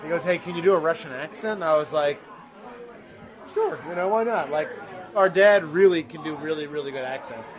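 Animated, rambling man with an audience around. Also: fairly high pitch, brisk, some chatter behind. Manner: rambling, self-deprecating, animated storyteller. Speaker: guest actor. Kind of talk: casual interview chat.

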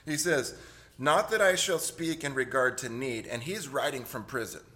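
A man's voice: medium pitch, moderate pace, sharp tone. A middle-aged male pastor preaching in a church, conversational, with joking asides and repeated words. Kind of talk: sermon. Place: church sanctuary.

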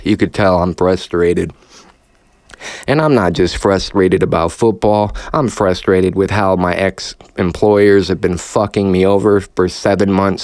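A man's voice: deep voice, a little mellow, clean tone, no echo, studio quality. A man hosting a podcast, ranting sarcastically with heavy swearing and audible frustration. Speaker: podcast host. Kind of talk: profane rant.

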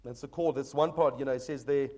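A man's voice: mid-range voice, steady tone, fast talker, darkish tone. A man preaching a sermon as pastor, earnest and exhorting, often addressing the congregation as folks.

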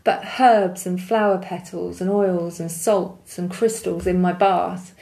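A woman's voice: lowish voice, steady tone, measured pace, vocal fry. Podcast co-host, woman, casual and encouraging listener. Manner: encouraging listener, soft affirmations. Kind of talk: casual chat.

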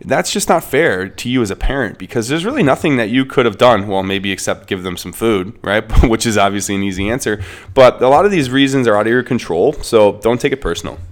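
A man's voice: lowish voice, animated, brisk. A man in his thirties co-hosting a parenting podcast, explaining child behavior in a conversational way. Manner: explanatory, conversational, reasons aloud. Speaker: podcast co-host.

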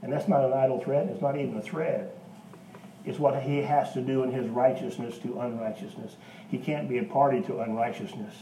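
A pastor preaching a sermon in a church, with an emphatic, folksy manner and homespun asides. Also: male voice, mid-range voice, steady tone, fairly quick, dark tone, echoey room, far from the mic, a little hiss or hum, rough recording.

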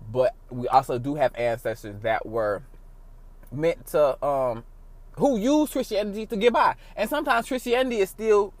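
A man hosting his own podcast, talking casually in a rambling, profane way with big swings in loudness. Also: mid-range voice, no echo. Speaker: podcast host. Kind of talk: casual solo podcast monologue.

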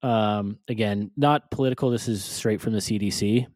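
A man's voice: on the low side, moderate pace, darkish tone, dry recording. A man co-hosting a casual podcast, reading news stories aloud with stumbles and joking asides.

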